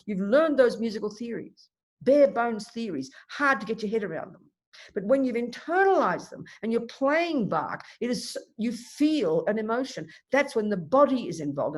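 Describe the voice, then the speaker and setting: A woman, a Buddhist nun, teaching a dharma talk in an emphatic, animated way with vivid everyday examples. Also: fairly high pitch. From Australia.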